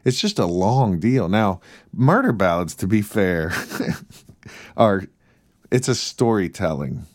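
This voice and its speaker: A man's voice: deep voice, big pitch swings, slow pace, no room sound. A man co-hosting a casual chat, telling humorous stories with a dry wit. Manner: dry humorous, storytelling, mock-announcer bits. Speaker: podcast co-host.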